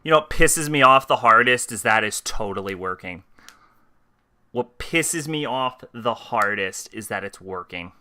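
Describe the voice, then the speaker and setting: A man's voice: mid-range voice, lively intonation, a little slow, bright, forceful tone. A man streaming a video game, commenting casually and grumbling with lots of swearing. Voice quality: profane, grumbling.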